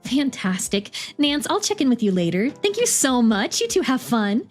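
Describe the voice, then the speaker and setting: Woman voicing a space probe, big-sister type, upbeat, coaxing, bright raised voice. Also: a little high, big pitch swings, moderate pace, faint music behind, pitched above the performer's own voice.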